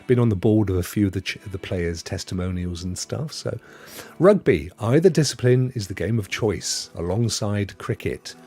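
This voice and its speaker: A matey English man in his fifties hosts a live stream, with an accent that blends the Potteries and Sydney with a touch of Devon. His voice is warm and slightly husky, and his pitch swings about lively as he rambles through viewer comments. Soft music plays faintly behind him. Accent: mixed Potteries and Sydney, with some Devon. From England. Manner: chatty, matey, rambling with fillers. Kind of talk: casual chat reading viewer comments.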